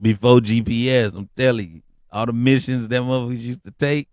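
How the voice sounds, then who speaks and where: Animated, slangy man telling stories. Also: a little fast, hardly any pauses, no echo, clean studio sound. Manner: animated, slangy storytelling with rising pitch on asides. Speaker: podcast host. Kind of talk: casual comedic monologue.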